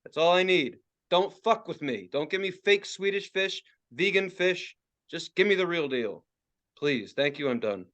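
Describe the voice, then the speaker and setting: A man's voice: high voice, lively intonation, moderate pace, fairly bright tone. A man in his forties ranting and swearing as a podcast co-host, laughing often in casual talk. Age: 40s. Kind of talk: casual profane podcast rant.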